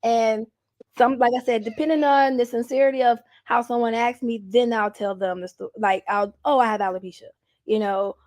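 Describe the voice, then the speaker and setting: A woman's voice: a little high, moderate pace. A young adult woman telling candid stories in an interview, laughing often and acting out what people said. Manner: animated, laughs often, acts out quotes. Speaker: guest.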